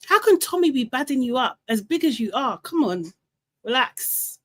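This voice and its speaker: A woman's voice: high-pitched, moderate pace. Chatty woman hosting a live recap. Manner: chatty and animated, laughing, reading out chat comments. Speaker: live show host. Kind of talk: casual live recap chat.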